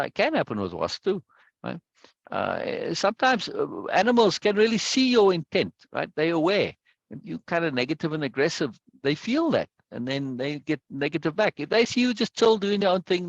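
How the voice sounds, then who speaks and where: A man talks through ideas in a reflective, explanatory teaching style, steadily checking that his listener follows. His voice sits at a middle pitch. The recording is dull and slightly lo-fi, and the room sounds dry with no echo. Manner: explanatory, often checking in with "right?". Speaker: discussion leader.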